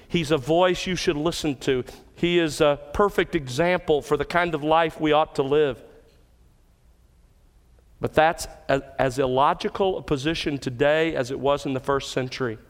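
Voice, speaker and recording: A man's voice: on the high side, unhurried. Preaching man in a reverberant hall. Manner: emphatic, rising to stress key words. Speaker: pastor. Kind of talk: expository sermon.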